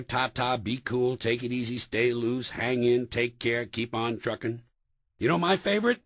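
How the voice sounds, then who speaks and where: A male stand-up comedian from the United States with a husky edge to his voice. His delivery is sardonic and profane, and his pitch swoops up and down lively for the punchlines. The sound is dry and close. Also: no echo. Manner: sardonic, profane, sharp comic timing.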